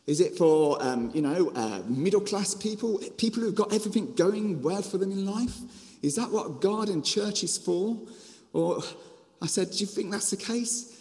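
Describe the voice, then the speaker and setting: A man from Birmingham with a Birmingham accent, preaching a storytelling sermon as a children's ministry author, with a lively manner full of restarts and asides. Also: high voice, normal speed, long reverb tail. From Birmingham, England.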